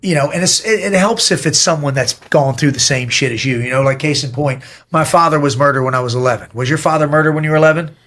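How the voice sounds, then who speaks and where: A middle-aged man speaks as a podcast guest, blunt and emphatic, with plenty of swearing. He tells stories in a direct, forceful way. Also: fairly high pitch, fast talker, hardly any pauses. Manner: blunt, profane, emphatic storytelling. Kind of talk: casual interview talk.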